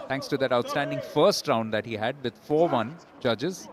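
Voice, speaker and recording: A man commentating live on a boxing bout, giving measured, analytical play-by-play. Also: medium pitch, a crowd in the background.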